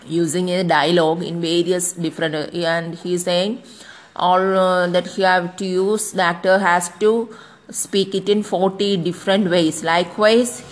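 A woman giving a lecture, reading passages aloud and then explaining them with pauses and fillers. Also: on the low side, slight background noise. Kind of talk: classroom lecture explaining a read text.

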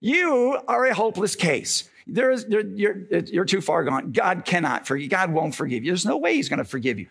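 A preacher putting on a sneering devil. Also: male voice, high voice, sing-song, moderate pace, gravelly, hardly any pauses, a bit bright, breathy edge, exaggerated voice. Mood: taunting. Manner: sneering, persuasive. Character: taunting male devil whispering discouragement.

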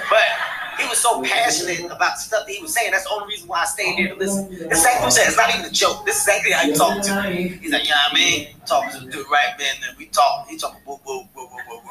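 Animated stand-up comic with a light voice. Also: male voice, sits high, poor audio. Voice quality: light, small voice. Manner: animated, acts out characters and shouts punchlines. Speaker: stand-up comedian. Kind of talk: stand-up comedy routine.

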